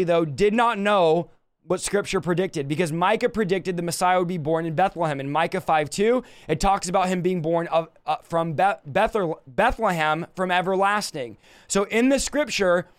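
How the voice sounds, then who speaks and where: Guy preaching a bible study, high clear voice, gets emphatic and pitches up on his points. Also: no echo, clean studio sound. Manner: emphatic, rises in pitch when stressing points, reads scripture slowly. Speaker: Bible teacher. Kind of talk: informal Bible study sermon.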